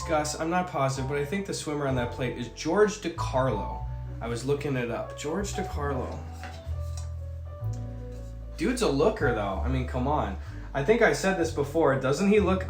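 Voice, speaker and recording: A man's voice: a little high, reverberant. A man chatting casually on a livestream, rambling and swearing as he reads out chat messages, and a little sick. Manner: rambling, swearing, jokey asides. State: a bit sick. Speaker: streamer reading chat.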